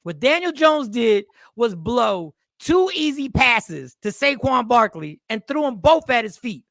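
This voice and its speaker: Man, gravelly, bright tone, blunt football takes, dry sound. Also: very high-pitched, very animated, unhurried, dry recording. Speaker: sports talk panelist. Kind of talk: casual sports talk.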